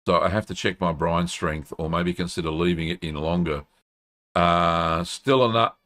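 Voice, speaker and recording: A middle-aged man, hosting a live stream and chatting casually with plenty of ums and uhs. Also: low-pitched. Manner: relaxed, chatty, frequent ums and uhs, friendly "mate". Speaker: host answering cheese-making questions. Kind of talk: casual live-stream chat, reading viewer messages.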